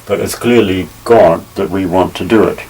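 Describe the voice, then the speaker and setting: A man teaching a Bible lesson, measured and careful, pausing often with fillers as he explains. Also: low voice, darkish tone, husky. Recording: slightly distant mic with faint ambient noise.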